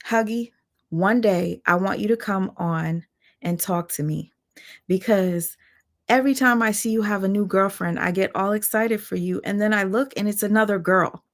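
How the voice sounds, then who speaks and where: A woman hosting a casual live stream, chatty and excitable, greeting viewers by name. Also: mid-range voice, normal speed.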